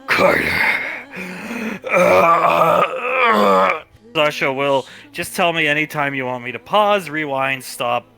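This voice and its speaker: A man narrating as game master of a livestreamed tabletop role-play, telling the scene in a relaxed way with quick character asides. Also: fairly high pitch, clear, resonant tone.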